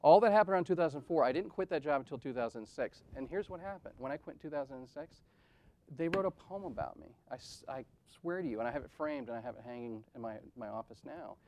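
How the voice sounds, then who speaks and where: A fast-talking man in his forties, medium-pitched with a darkish tone, gives a candid, conversational conference talk at an event venue, telling self-deprecating personal stories and often saying "right?" A little hiss or hum is audible.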